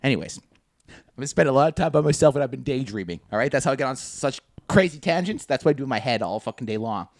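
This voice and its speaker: A man's voice: medium pitch, expressive, fast, no room sound. A young man co-hosting a podcast, talking in crude, rambling banter with frequent laughs. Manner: profane, rambling, laughs often, mocking voices. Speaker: podcast co-host.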